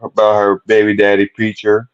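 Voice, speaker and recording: A man in a casual reality-show recap chat, building his argument point by point in a steady way. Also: lowish voice, normal speed, clean tone. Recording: muffled lo-fi sound.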